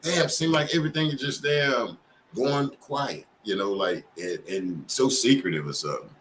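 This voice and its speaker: A man's voice: mid-range voice, normal speed, fairly bright tone, slight background noise. A man hosting a casual livestream talk show, speaking emphatically, with loose cursing and a lot of trailing filler. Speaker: show host.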